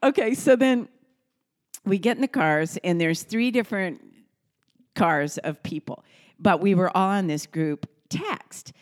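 A middle-aged woman in casual conversation at a kitchen table, telling family stories in a chatty way and acting out quoted lines. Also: a little slow. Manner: warm, chatty storyteller who acts out quotes in a high voice. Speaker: host. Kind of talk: casual storytelling.

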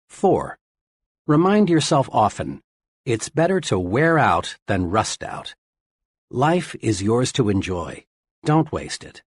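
A man giving a steady, earnest reading of scripted self-help narration, in the manner of an audiobook narrator. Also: mid-range voice, husky, no echo, clean studio sound.

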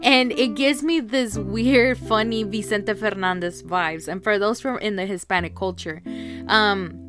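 A woman's voice: mid-range voice, unhurried. Chatty woman rambling over music. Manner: rambling, laughs often, many fillers. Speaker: podcast host. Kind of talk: casual solo podcast chat.

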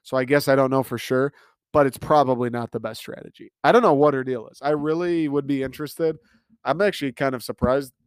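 A man's voice: medium pitch, smooth, dry recording, studio quality. Exasperated man ranting on a podcast. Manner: exasperated, profane, incredulous ranting. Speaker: podcast host. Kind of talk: casual podcast rant. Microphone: podcast microphone.

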